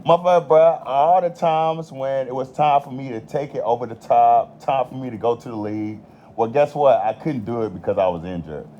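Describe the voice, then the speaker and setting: A man's voice: mid-range voice, fairly quick, highs cut off. A man with an American country accent ranting in a heated, profane monologue. He swears constantly and repeats himself for emphasis. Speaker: commentator.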